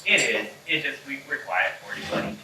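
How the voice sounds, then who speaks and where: A man's voice: mid-range voice, lively intonation. A man runs a live comedy tabletop game, joking and chatty, his voice jumping up and down. He is heard from far off in a very echoey club, with a noisy crowd behind. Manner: joking, chatty, quick asides. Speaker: game master. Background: audience laughter.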